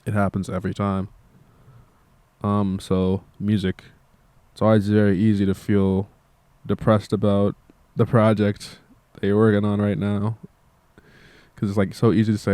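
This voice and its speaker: A man's voice: fairly low pitch, completely flat delivery, moderate pace, warm tone, clean tone, no echo. A tired young man who makes music, talking in a meandering casual monologue and swearing freely. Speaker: musician vlogger.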